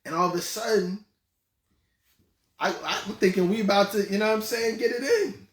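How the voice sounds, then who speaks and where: A male show host giving casual commentary, telling stories in an animated, conversational way with lots of fillers. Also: sits high, normal speed, reverberant. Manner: animated, conversational storytelling with many repeats and fillers.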